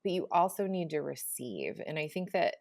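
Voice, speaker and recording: A young woman hosting a podcast in a deep, low register. She talks earnestly and reflectively, turning to address her listeners directly. The recording is dry and close. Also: very animated, normal speed, vocal fry, darkish tone, dry recording. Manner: reflective, speaking straight to listeners. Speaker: podcast host.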